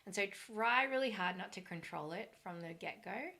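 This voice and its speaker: A woman talking as a brand coach, earnest and encouraging, thinking aloud with a slightly hoarse voice. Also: mid-range voice, lively intonation, normal speed, sharp tone. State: a little hoarse. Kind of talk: solo talk on branding.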